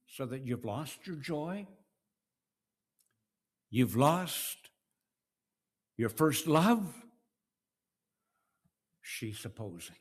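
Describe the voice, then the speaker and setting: A middle-aged man preaching a sermon, slow and deliberate, swinging between hushed and raised passages. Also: medium pitch, expressive. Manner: slow, with dramatic swings between soft and loud.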